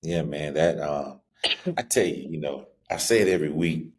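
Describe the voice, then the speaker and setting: A man's voice: rumbling low, moderate pace, darkish tone, breathy edge. A man hosting a podcast, talking in a heartfelt, emotional, rambling way. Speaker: podcast host. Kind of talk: conversational interview.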